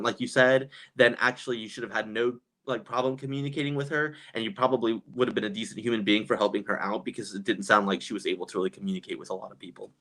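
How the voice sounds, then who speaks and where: A man chatting casually on a live stream, gossipy and quick to laugh, reading viewers' comments aloud and reacting. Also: medium pitch, fairly bright tone.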